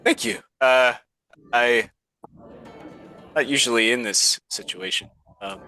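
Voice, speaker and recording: A man's voice: medium pitch, slow pace, sharp tone, faint music behind, poor audio. A man playing in a tabletop game who stammers and sounds flustered as he talks. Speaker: player. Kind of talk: tabletop role-play.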